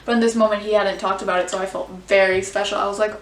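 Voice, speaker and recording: A young adult woman chatting candidly in a casual reaction vlog, expressive, swearing freely and filling with "like". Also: medium pitch, very fast, hardly any pauses. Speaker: vlogger. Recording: roomy sound, mic at a distance.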